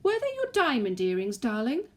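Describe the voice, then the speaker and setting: A woman's voice: on the high side, wildly swooping pitch, moderate pace, a little mellow, pitched above the performer's own voice. A woman putting on a sly, sing-song old grandmother. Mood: sly sweet. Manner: sweetly insinuating, sing-song. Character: sly, scheming old grandmother, falsely innocent. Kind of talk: storybook reading.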